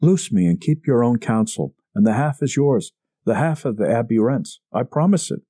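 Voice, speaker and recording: A man's voice: medium pitch, lively intonation, normal speed, warm tone, slightly rough, dry recording. A man reading a story, voicing a frightened, scheming murderer who pleads in a feverish, breathless manner. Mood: wheedling. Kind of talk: audiobook character reading.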